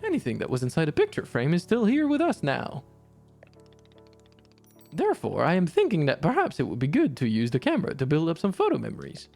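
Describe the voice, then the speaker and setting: Brief: a streamer plays a kindly old shop worker with quaint formal speech and swooping pitch, over soft music. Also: huge pitch swings, brisk, creaky, full character voice. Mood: musing. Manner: formal, odd phrasing, refers to himself by name. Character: gentle old male tea-shop worker. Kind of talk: voicing game dialogue while streaming.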